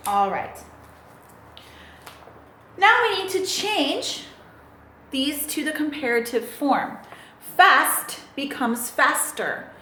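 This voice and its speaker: A woman's voice: high voice, big pitch swings, slow pace, pauses often, a bit bright, slight background noise. A woman teaching English grammar in a recorded lesson, patiently spelling out letters and asking the listener questions. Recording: echoey room.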